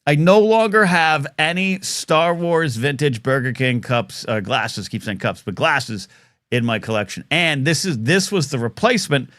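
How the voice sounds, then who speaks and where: A man's voice: on the high side, moderate pace, fairly bright tone, no echo, studio quality. A man in his fifties hosting a live talk show, rambling and jokey with bursts of mock outrage. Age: 50s.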